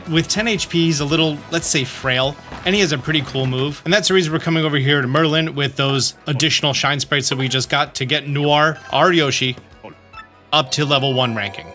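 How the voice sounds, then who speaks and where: A man's voice: on the high side, sharp tone. A man giving chatty, upbeat walkthrough commentary at home, often reading game text aloud. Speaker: gaming YouTuber.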